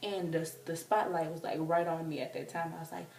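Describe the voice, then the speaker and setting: Young woman vlogger, lowish voice, excitable chatty storyteller, recorded roomy and a bit off-mic. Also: a little fast, gravelly, recorded from a distance. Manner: excitable, chatty, full of fillers. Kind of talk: casual storytelling.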